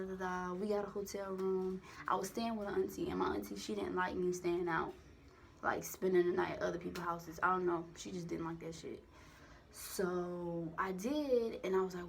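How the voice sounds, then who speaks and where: A young woman telling a personal story to the camera in a candid, profane, animated way, acting out the voices in her quotes. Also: mid-range voice, gravelly, a little hiss or hum. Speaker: vlogger. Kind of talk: casual storytime monologue.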